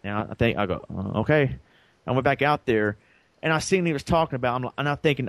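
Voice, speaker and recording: A man's voice: mid-range voice, fast, dry recording. Rambling storyteller man, dry sound. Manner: rambling, acts out quoted dialogue. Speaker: podcast co-host. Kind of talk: casual storytelling.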